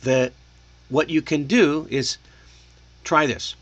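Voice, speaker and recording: A man teaching spoken English online, coaching in a deliberate way and showing rising and falling intonation. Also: a little high, a bit bright, dry recording, dull audio. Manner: coaching, deliberate, checks in with "okay?".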